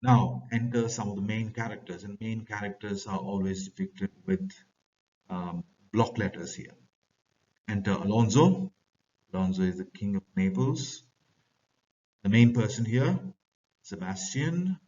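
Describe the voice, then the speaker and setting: A man with an Indian English accent teaching a play to students, reading its lines aloud and then explaining them in plain words. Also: unhurried. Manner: reads quoted lines louder and higher, then paraphrases plainly. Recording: lo-fi, distant from the mic.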